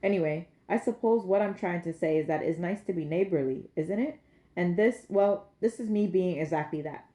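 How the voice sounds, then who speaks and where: A woman's voice: fairly low pitch, moderate pace, dark tone, roomy sound, close to an everyday voice. A woman voicing a nervous, chatty young mother who rambles eagerly at her new neighbor.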